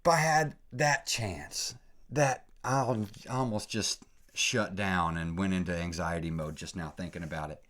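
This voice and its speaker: A young man hosting a solo podcast, talking casually with lots of "dude" and "man", dropping to low mutters and then climbing to excited shouts. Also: measured pace. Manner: casual, swears lightly, says "dude" and "man". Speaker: podcast host.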